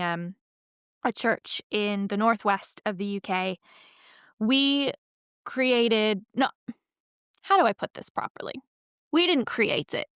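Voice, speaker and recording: A woman in her thirties hosts a podcast in a chatty, rambling way, often stopping to correct herself. Her mid-pitched voice is smooth and clear. The close recording is dry, with no room echo. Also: a bit bright. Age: 30s. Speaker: podcast host. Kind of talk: casual podcast intro.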